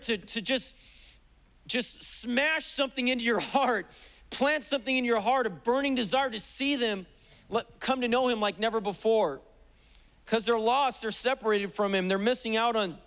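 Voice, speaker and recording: A man's voice: high-pitched, a bit bright. A man pastor delivering a sermon at a church service, emphatic and declarative, with repeated exhortations. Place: church sanctuary during a service.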